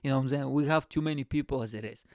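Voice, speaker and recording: A man's voice: mid-range voice, racing, dry recording, clean studio sound. A man from Bulgaria hosting a podcast, delivering a rambling, profane comedic monologue with lots of energy. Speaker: podcast host.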